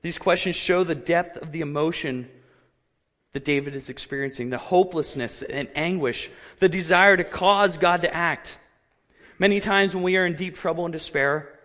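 A man preaching a sermon, earnest and measured, his voice rising when he quotes cries of anguish. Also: fairly high pitch, fairly bright tone, in a large hall. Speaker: pastor.

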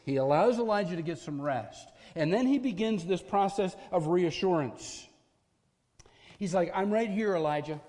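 High-voiced man preaching in a reverberant hall. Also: lively intonation, a little slow, warm tone. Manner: earnest, emphatic preaching with repeated parallel phrases. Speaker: pastor. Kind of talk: sermon.

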